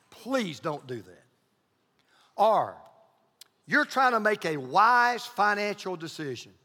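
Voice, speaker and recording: A man's voice: sits high, sharp tone. A male pastor preaching a sermon, emphatic and repeating his key points. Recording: long hall reverb.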